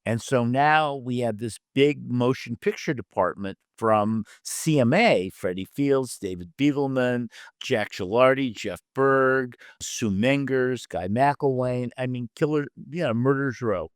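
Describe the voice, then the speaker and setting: A man's voice: medium pitch, unhurried, no echo. Older man telling career stories, dry sound. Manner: lively storyteller who acts out quoted dialogue; loose, with fillers and restarts mid-thought. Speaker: guest, literary agent and producer. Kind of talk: career anecdotes in conversation.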